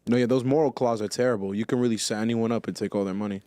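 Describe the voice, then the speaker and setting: Casting note: quick, emphatic male podcast co-host, dry close sound. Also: lowish voice, steady tone, mellow, no room sound. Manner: fast, emphatic, gets heated. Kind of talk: casual podcast commentary.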